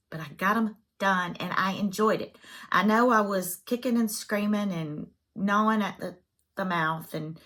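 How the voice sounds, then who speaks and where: A woman's voice: medium pitch, a bit bright. A woman chatting casually as a cross-stitch vlogger, self-deprecating and full of fillers. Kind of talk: casual chat.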